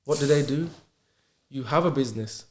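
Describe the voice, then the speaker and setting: A man's voice: mid-range voice, moderate pace. A man, a podcast guest in casual chat, earnest and asking himself rhetorical questions. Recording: roomy echo.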